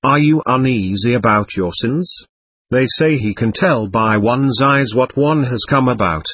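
A man's voice: mid-range voice, a little slow, a bit bright, breathy edge, no echo. A man reading the lines of a mocking, sarcastic old male buffoon in a storybook reading. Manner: sarcastic, teasing.

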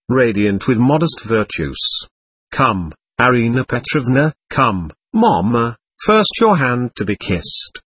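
A man's voice: mid-range voice, a bit bright, breathy edge, no echo, heavily acted. A man doing a frenzied, bitter old captain. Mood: grandly theatrical. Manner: bitter, theatrical, self-abasing. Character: poor, defiant, buffoonish older male captain.

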